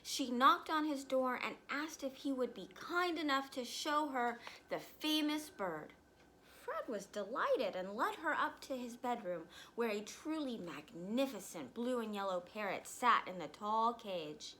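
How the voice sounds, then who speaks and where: A woman reading a children's storybook aloud, pausing to explain words for young listeners. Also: on the high side, lively intonation, sharp tone, a little hiss or hum, rough recording. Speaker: reader.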